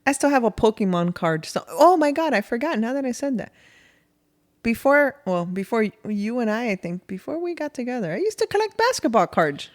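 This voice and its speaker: Lively woman podcast co-host. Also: on the high side, fairly quick. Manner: animated, laughing, rambling. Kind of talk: casual chat.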